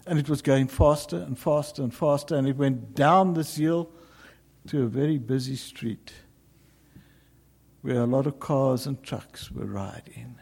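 A man preaching a sermon, telling a story dramatically, with sudden loud calls and hushed, whispered passages. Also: medium pitch, a little slow, gravelly, slightly rough.

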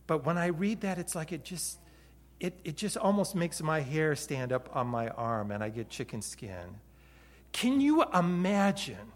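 Pastor guy from hawaii preaching, tells the story big, voice on the higher side. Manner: storytelling with big swings between loud and soft. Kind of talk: sermon.

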